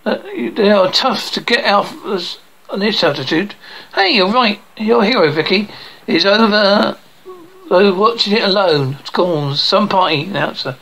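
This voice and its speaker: A bright, crisp-edged, mid-range voice reads a cartoon episode scene by scene, running character dialogue and spoken sound captions together and jumping between them. The delivery is lively in intonation but a little slow, with clipped words and restarts, and the audio is poor.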